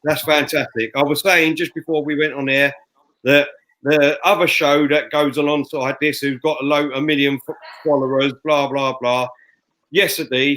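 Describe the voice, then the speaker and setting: A fuming man who talks loud and hammers his points home as he co-hosts a fan show. His voice sits a little high for a man. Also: low-quality recording. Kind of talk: heated fan podcast rant. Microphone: headphones and studio mic.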